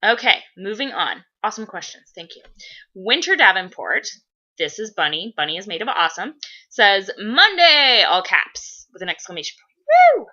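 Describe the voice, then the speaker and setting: A woman vlogger chatting casually through viewer questions, rambling and profane with lots of fillers, sometimes breaking into loud excited gushing. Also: mid-range voice, normal speed. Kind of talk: casual chat. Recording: dull lo-fi recording.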